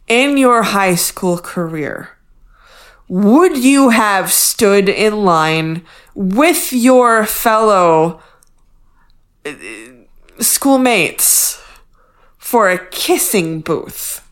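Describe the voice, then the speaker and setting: A woman's voice: mid-range voice, very animated, drawn-out words, pauses often. A woman co-hosting a casual podcast, adding dry corrections and questions while recapping a TV episode. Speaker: podcast co-host. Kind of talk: casual chat recapping a TV show.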